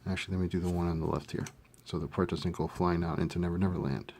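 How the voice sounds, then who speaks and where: A man giving a casual hands-on modeling tutorial, thinking aloud with relaxed fillers as he works. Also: low voice, fast talker, creaky, slight background noise. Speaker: scale model hobbyist demonstrating a kit build.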